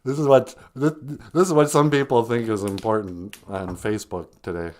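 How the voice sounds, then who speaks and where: A man hosting a comedic live stream, joking with viewers, laughing often and making deadpan asides. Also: fairly low pitch, normal speed. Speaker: host.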